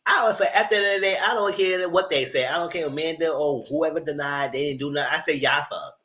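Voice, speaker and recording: Man, live reality show recap, animated retelling, bright voice. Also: fairly high pitch, quick pace. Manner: animated retelling, acts out cast members' lines. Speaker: show reviewer.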